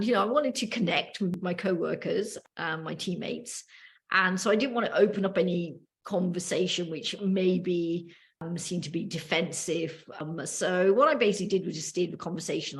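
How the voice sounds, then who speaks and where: A woman with a British accent talks through a personal story on a casual podcast, pausing often with ums and starting her sentences over. Her voice sits a little low for a woman. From United Kingdom. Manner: storytelling with frequent ums and restarts. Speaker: podcast co-host.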